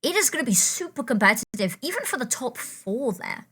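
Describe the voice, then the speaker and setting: A woman's voice: on the high side, big pitch swings, a bit bright, husky. British woman casting an esports match. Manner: playful banter, quick play-by-play. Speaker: esports caster. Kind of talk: live esports commentary.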